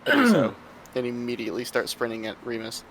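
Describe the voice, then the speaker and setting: A man's voice: mid-range voice, sing-song, brisk, fairly bright tone, slight background noise. A man playing a tabletop game, joking around and swearing freely. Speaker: player. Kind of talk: casual tabletop play.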